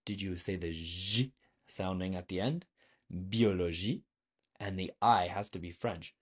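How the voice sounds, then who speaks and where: A man's voice: sits low, moderate pace. A man teaching a video lesson on French vocabulary, explaining patiently and asking the viewer questions.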